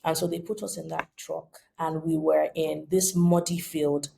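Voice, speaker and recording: A woman's voice: low-pitched, flat delivery, unhurried, vocal fry, mellow, a little hiss or hum. A woman in her thirties with a Nigerian accent, telling her story animatedly as a podcast guest and acting out the voices she quotes. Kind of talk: storytelling in an interview.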